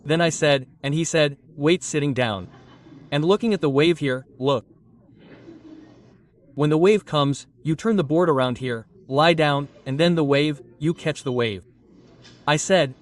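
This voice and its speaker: A man doing stand-up comedy, telling a story and acting out the scenes and the other people in it. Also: a little high. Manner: animated, acts out scenes and quotes others. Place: comedy stage before a live audience. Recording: stage voice heard from a distance with a laughing crowd. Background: audience laughter.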